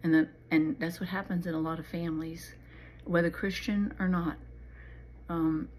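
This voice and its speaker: A middle-aged woman hosting a Christian channel, giving an earnest, pleading devotional talk that sometimes drops to a soft whisper. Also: on the low side, fairly even intonation, moderate pace, a little hiss or hum, rough recording. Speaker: Christian channel host and author. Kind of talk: devotional talk and poem reading.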